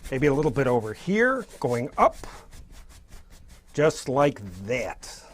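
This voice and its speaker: Painting as he teaches, an instructor gives an easygoing abstract-art demonstration, encouraging and spontaneous in his talk. His voice is medium-pitched and sing-song, with a slow pace.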